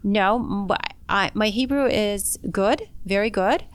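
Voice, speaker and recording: Frank, clear-voiced woman doctor. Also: mid-range voice, unhurried. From Canada. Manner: frank, self-deprecating, plain-spoken. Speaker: doctor, interview guest. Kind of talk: casual interview chat.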